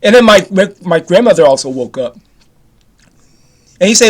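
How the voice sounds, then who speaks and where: High-voiced rambling man in his fifties. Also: expressive, normal speed, long pauses. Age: 50s. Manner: repetitive, restarts often, casual swearing. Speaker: vlogger. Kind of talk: rambling personal story to camera.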